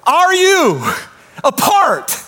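A man preaching a sermon as pastor, swinging from shouts down to hushed, quiet lines. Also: very high voice, wildly swooping pitch, extremely slow.

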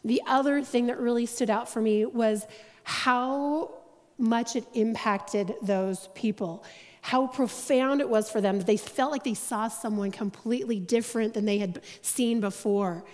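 A woman with a fairly high voice delivering a church message, chatty and self-deprecating, slipping in quick asides as she tells her stories. Her voice carries a long reverb from the large auditorium around her. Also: a little mellow. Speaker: church staff speaker giving the message. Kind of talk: sermon.

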